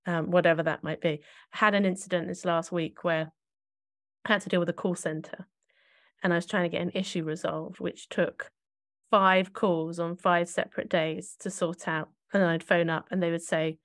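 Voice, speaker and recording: A woman's voice: fairly low pitch, level tone, moderate pace, dry recording, studio quality. A woman co-hosting a podcast, talking in a reflective, searching way and often correcting herself mid-thought. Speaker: podcast co-host.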